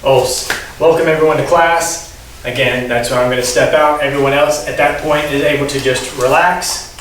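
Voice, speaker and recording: A man teaching a karate class, explaining the steps and calling counts that rise sharply in pitch. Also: steady tone, normal speed, noisy background. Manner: instructive, calls Japanese counts rising sharply in pitch. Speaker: karate instructor. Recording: very echoey room, distant mic.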